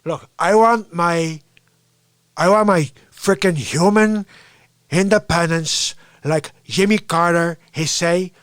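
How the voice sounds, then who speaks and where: A man putting on a swaggering middle-aged Cuban gangster with a Cuban Spanish accent, gruff and insistent. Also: high-pitched, takes it slowly, fairly bright tone, no room sound, studio quality. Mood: defiant. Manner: gruff, insistent "okay?" tags.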